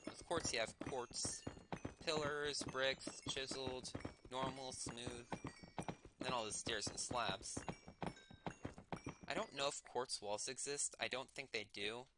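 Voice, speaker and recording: A man's voice: mid-range voice, steady tone, slow, pauses often, very noisy. A young man streaming a game, talking to himself in a casual, rambling way and correcting himself as he goes, with a slight lisp on his S sounds. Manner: musing aloud, self-correcting while playing. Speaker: livestreamer. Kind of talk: casual gameplay commentary.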